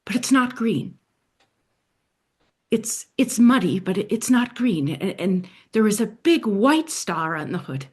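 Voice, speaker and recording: A woman telling a dramatic story in the first person, speaking in a hushed voice that often sinks to a soft near-whisper. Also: mid-range voice, very animated, a little slow, breathy edge.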